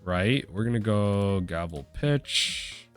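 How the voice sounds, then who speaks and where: Man, lowish voice, card game play-by-play, thinking aloud, excited bursts, faint music behind. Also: takes it slowly. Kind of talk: live card game commentary.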